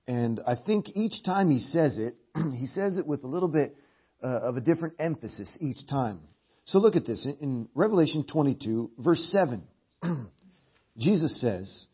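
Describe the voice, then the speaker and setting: Middle-aged male preacher, husky, lively pitch, throat-clearing restarts; dull lo-fi church tape. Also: normal speed. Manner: animated, repeats words, clears throat often. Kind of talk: sermon. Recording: dull lo-fi sermon recording.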